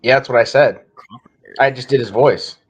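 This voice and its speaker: A man co-hosting a casual chat, teasing his friend with deadpan jokes. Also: medium pitch, normal speed, slightly rough. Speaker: podcast co-host.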